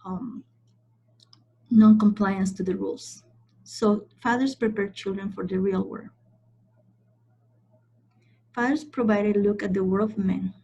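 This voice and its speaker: A woman leads a training session in a mellow, slightly husky voice, leaning on each point and often pausing to ask "okay?". The sound is a little dull and lo-fi. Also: medium pitch. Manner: emphatic, repeats points and checks in with "okay?". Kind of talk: training lecture.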